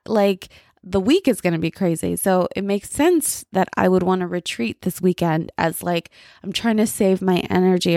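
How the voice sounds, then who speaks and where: A woman hosting a podcast alone, talking in a candid, reflective and halting way while she feels worn out and frayed. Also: fairly low pitch, vocal fry, a little mellow, no echo, clean studio sound. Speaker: podcast host. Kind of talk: casual personal monologue.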